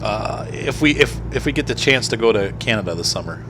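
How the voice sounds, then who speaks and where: A man's voice: fairly low pitch, animated, a little fast, background noise. A man giving casual commentary while playing a truck game, rambling and chatty as he talks with his small son. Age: adult parent. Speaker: gaming streamer. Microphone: desk microphone.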